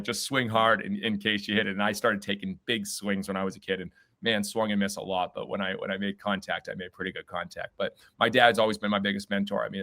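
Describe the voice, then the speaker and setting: A man speaks on a podcast with a slightly low voice. He tells his stories with energy and enthusiasm. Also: vocal fry, a bit bright. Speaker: guest, baseball team owner. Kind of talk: conversational podcast interview.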